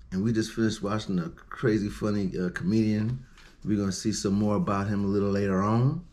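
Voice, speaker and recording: A man hosting a reaction show, talking in a relaxed, laid-back way with casual slang. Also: lowish voice, fairly quick. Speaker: host.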